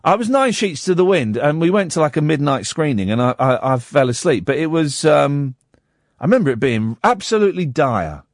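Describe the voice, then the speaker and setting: A man hosting a late radio phone-in, his pitch jumping around in a lively, animated way. He jokes and rambles with plenty of ums and restarts, close to a dry studio mic with no room sound at all. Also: brisk, no room sound. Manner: animated, jokey, lots of fillers and restarts. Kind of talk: casual radio chat.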